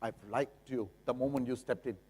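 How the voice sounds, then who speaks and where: A man, putting on a flattering home seller in a seminar hall. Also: mid-range voice, normal speed, voice pushed down, natural voice. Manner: coaxing, flattering. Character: fawning, sweet-talking male home seller. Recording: long reverb of a seminar hall.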